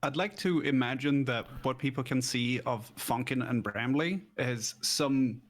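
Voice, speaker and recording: A man's voice: medium pitch, unhurried. A man chatting casually as a player in a tabletop game.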